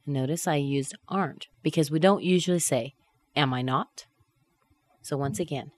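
A woman teaching a pronunciation lesson, reading model sentences slowly with exaggerated intonation. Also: low-pitched, lively intonation, no room sound. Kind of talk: recorded lesson.

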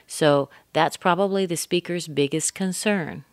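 A woman teaching English pronunciation, speaking deliberately and modeling words with exaggerated stress. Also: deep voice, fairly even intonation, no echo, studio quality. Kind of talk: pronunciation lesson.

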